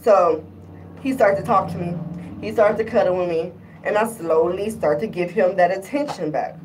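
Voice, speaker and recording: A woman's voice: lowish voice, normal speed, slight background noise. A woman in a casual vlog, retelling her relationship troubles in an exasperated, rambling way with lots of fillers. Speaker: vlogger. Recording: distant from the microphone.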